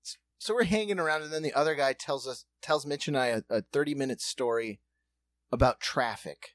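A man telling a long story on a podcast in a lively, animated way, acting out other people's voices and laughing often. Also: mid-range voice, brisk, no room sound. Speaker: podcast co-host. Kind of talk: casual storytelling chat.

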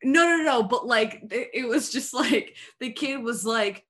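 A young woman co-hosting a relaxed movie chat with friends. Her voice sits a little high and rings bright, and she teases and laughs easily as she talks. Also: moderate pace, hardly any pauses. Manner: playful, laughs often, teasing. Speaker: podcast co-host. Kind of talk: casual movie review chat.

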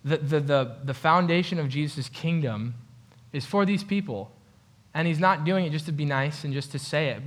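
Casual joking male pastor preaching. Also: mid-range voice. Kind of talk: conversational sermon. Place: church.

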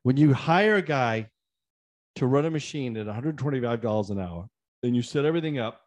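A man in casual chat, telling a story in an animated, ranting way, acting out both sides of phone calls and climbing sharply in pitch when riled. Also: fairly quick. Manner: acts out the other side of phone calls; repeats himself, frequent restarts.

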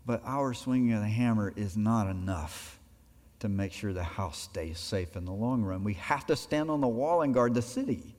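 A male pastor giving a sermon, animated, voicing imagined conversations to make his points. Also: mid-range voice. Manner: animated preaching, acts out imagined dialogue. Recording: long hall reverb.

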